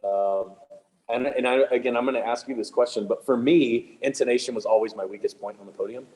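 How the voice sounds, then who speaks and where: A man leading a clinic for music teachers, talking in a quick, chatty, joking way with lots of fillers and restarts. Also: medium pitch, fairly even intonation, darkish tone, poor audio. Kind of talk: casual clinic presentation. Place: room with attendees present, also on video call.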